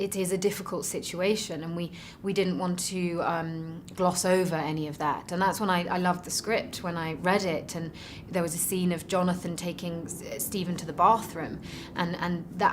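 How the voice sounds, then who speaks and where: A woman's voice: on the low side, a little hiss or hum. A woman, an actress, answering interview questions about her role in an earnest, reflective way as she searches for words. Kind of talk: press junket interview.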